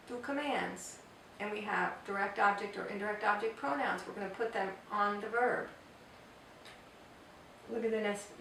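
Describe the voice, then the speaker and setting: A woman teaching a grammar lesson, explaining step by step and repeating example phrases slowly. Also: medium pitch, creaky, fairly bright tone, a little hiss or hum. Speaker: Spanish teacher. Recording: echoey room, voice from far off.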